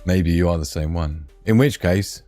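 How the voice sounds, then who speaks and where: A man's voice: low-pitched, normal speed, dark tone, faint music behind. A middle-aged British man hosting a live stream, reading viewer comments aloud in a jokey, chatty way and laughing often. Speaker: livestream host.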